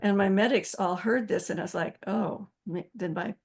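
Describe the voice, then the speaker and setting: A woman in her seventies, interviewed as an author, telling stories with animated energy and frequent laughter. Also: medium pitch, moderate pace, vocal fry. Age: 70s. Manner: animated storyteller, acts out quoted voices, laughs often. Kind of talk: storytelling interview.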